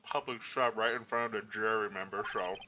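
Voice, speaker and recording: A man's voice: fairly low pitch, fairly even intonation, a little fast, reverberant, lo-fi sound, over a noisy crowd, natural voice. A man voicing a wry, joking young male defense lawyer.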